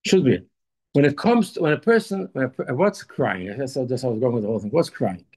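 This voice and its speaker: A man giving an informal Torah talk, halting and repeating words, then pressing his points with emphatic urging. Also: mid-range voice, lively intonation, a little mellow. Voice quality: gravelly, husky voice. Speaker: Torah teacher.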